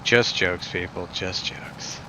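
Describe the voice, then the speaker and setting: A male streamer talking casually to his chat in a fairly low voice. He rambles and cracks jokes, filling his sentences with "I mean" and "you know", and there is clear noise behind the stream audio. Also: steady tone, takes it slowly. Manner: rambling and joking, heavy fillers.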